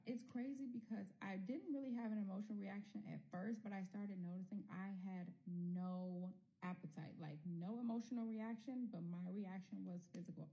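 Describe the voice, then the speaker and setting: A woman's voice: mid-range voice, dark tone, poor audio. A woman telling a personal story casually, bluntly, with swearing, talking straight to her viewers and acting out the people in it.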